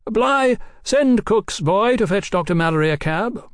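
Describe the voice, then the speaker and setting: A cordial English gentleman host, genteel and polished, calling out in a high, lifted voice, as a male narrator puts him on. Close, dry storybook reading. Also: big pitch swings, takes it slowly, gravelly, no echo, heavily acted.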